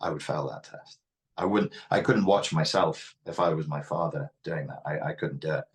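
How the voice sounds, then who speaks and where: A man's voice: extremely low pitch, fairly even intonation, normal speed. A man with a Liverpool Scouse accent, speaking frankly and reflectively as an interview guest. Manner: reflective, frank, occasionally swears. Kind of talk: candid interview talk.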